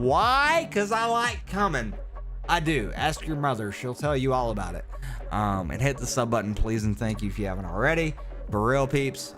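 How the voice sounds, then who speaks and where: A man with a sore throat and stuffy nose, chatting casually and rambling on a late-night live game stream. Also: lowish voice. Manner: rambling, animated, self-interrupting. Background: game music.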